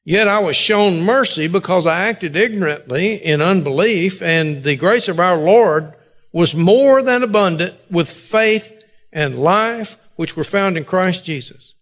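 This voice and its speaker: Male preacher, high-pitched voice, deliberate sermon pacing with weighty pauses. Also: lively intonation, fairly bright tone. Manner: measured delivery with slow, emphatic pauses. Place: church sanctuary.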